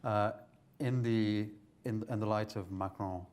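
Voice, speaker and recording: A man asking measured, inquisitive questions as an interviewer. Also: fairly low pitch, steady tone, darkish tone.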